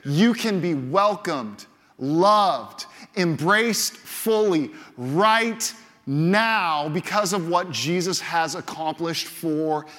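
A man delivers a sermon with a high voice and punchy, repeated phrases. His words ring out with a long reverb from a large church auditorium. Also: very slow, a bit bright. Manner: emphatic, repeats key phrases for effect. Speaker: pastor.

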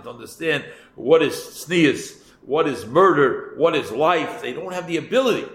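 Rabbi, male, mid-pitched, creaky voice; unhurried storyteller, echoey room. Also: fairly bright tone. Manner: unhurried, repeats phrases, asides to listeners. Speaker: rabbi teaching a class. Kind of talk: storytelling Torah lesson. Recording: echoey room, faint background noise.

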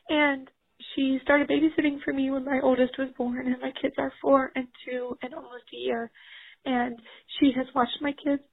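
A woman's voice: high-pitched, little pitch movement, normal speed, creaky. A woman in her thirties leaving a tearful, rambling voicemail as a caller, laughing through tears. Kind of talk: emotional voicemail message. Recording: tinny phone line.

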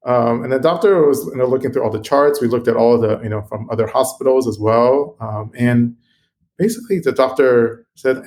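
Earnest man telling a story haltingly. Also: medium pitch, a little mellow. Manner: earnest, halting with frequent ums and restarts. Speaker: guest, computational biologist. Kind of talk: interview storytelling.

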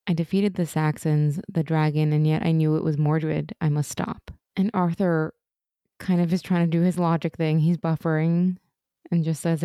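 On a laid-back TV recap podcast, a female co-host with a low, clear, resonant voice recounts scenes with animation, performs the characters' quoted lines, and laughs frequently. Her audio is dry and of studio quality.

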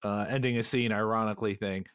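A man's voice: lowish voice, steady tone, fast talker, a bit bright, smooth, no room sound, clean studio sound. A man co-hosting a podcast, blunt and jokey with crude asides. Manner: blunt, crude jokes, interjects. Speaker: podcast co-host. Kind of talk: casual chat.

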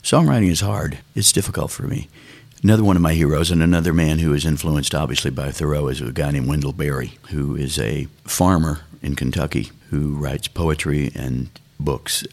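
A man's voice: rumbling low, steady tone, moderate pace, hardly any pauses, darkish tone. A older man, a songwriter, talking thoughtfully and unhurriedly in an interview. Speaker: songwriter guest. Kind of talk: reflective interview talk.

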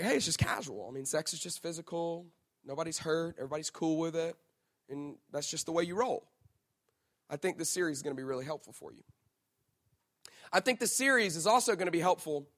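A man's voice: a little high, fairly bright tone. A man in his thirties preaching a sermon on stage, playful and joking as he talks straight to the crowd. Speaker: pastor.

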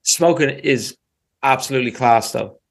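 A man's voice: medium pitch, normal speed, creaky. A man co-hosting a casual podcast, rambling easily through answers and swearing now and then. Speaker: podcast co-host.

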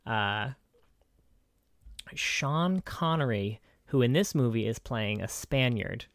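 A man's voice: lively intonation, slow pace, a bit bright, dry recording. A man co-hosting a casual film review chat, joking and swearing, his voice jumping up when incredulous. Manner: joking, profane, pitch jumps up when incredulous. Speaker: podcast co-host.

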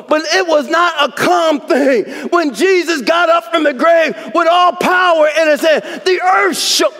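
A man preaching a fervent sermon, shouting and whooping praise to his congregation in a church sanctuary. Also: extremely high pitch, unhurried, few pauses. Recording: long reverb of a church sanctuary.

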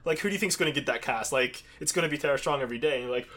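A man's voice: mid-range voice, racing, few pauses, fairly bright tone. A man from Pittsburgh talking in a casual, rambling way, with lots of fillers and restarts. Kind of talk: casual chat.

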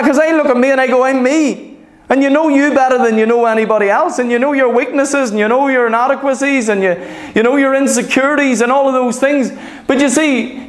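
A man preaching with a very high voice, earnest and repetitive, pressing each point home. The sound is roomy and echoey. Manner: earnest, repetitive, emphatic with frequent "Amen" and "Okay?". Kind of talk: sermon. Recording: echoey room.

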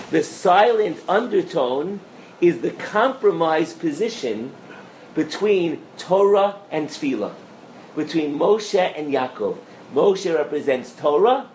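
Male rabbi, Torah class, animated, checks in with audience, slightly high voice, roomy hall mic. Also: a little hiss or hum. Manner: animated, asks the audience questions, mixes in Hebrew and Yiddish terms. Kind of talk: lively Torah lecture to a live audience. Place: lecture room with an audience.

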